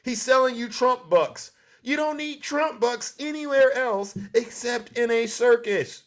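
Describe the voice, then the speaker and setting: A man with a notably high-pitched voice hosts his show, delivering a scornful monologue. He keeps firing rhetorical questions straight at his listeners. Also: unhurried. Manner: mocking, rhetorical questions to the audience. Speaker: show host.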